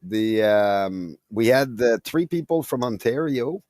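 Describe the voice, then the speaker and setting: Québécois-accented man, halting and dry. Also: medium pitch, animated, a little mellow, no echo. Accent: Québécois French. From Quebec, Canada. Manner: halting, repeats words and restarts often. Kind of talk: casual late-night chat.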